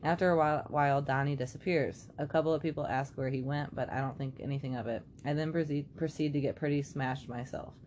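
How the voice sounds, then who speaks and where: A woman's voice: extremely low pitch, fairly even intonation, fast, few pauses, darkish tone, slight background noise. A woman co-hosting a podcast, chatting casually, laughing often and reading listener stories aloud. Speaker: podcast co-host.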